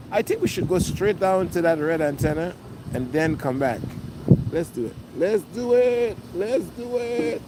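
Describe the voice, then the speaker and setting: Man from Brooklyn, high voice, casual livestream host, repetitive, recorded outdoors over heavy wind noise. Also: gravelly. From Brooklyn, New York. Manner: chanting and shouting a place name over and over; chatty, repeats phrases, talks to viewers. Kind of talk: live street walking stream. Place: outdoors on a seaside boardwalk. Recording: loud wind and street noise. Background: wind and street noise.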